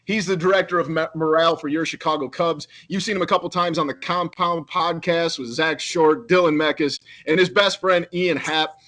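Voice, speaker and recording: A man's voice: fairly high pitch, fairly even intonation, normal speed, hardly any pauses, fairly bright tone. A man hosting a casual podcast who introduces guests in a hype-man style. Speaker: podcast host.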